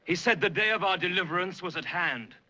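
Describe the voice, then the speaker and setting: A bright, defiant young villager. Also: male voice, sits high, fairly quick, full character voice. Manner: urgent, defiant. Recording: dull old film soundtrack.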